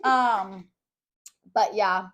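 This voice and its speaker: A woman's voice: mid-range voice, extremely slow, a bit bright. A young woman co-hosting a casual podcast, rambling through a story and acting out what everyone said. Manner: rambling storytelling full of "I'm like" quotes. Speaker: podcast co-host. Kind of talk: casual chat.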